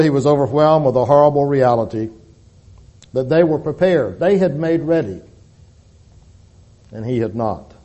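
A man narrates a dramatic story in a solemn, measured way. His voice has a dark, mellow timbre at an ordinary pitch. He builds to loud peaks and then sinks to a near whisper.

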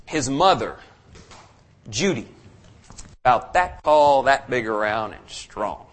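A man's voice: medium pitch, a bit bright. A man preaching a sermon, telling a personal story earnestly and building to fervent emphasis.

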